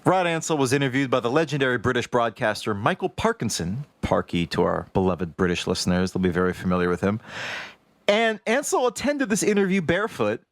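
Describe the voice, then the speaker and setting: A man's voice: medium pitch, sing-song, fairly quick, dry recording. A man co-hosting a podcast, reading his notes aloud as wry, casual storytelling. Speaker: podcast co-host.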